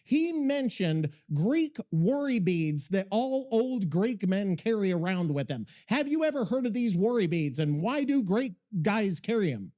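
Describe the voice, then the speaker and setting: A man hosting a podcast in loose, casual chat, rambling and swearing constantly. His voice sits high and leaps all over the place, full of excitable energy. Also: unhurried, hardly any pauses. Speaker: podcast host.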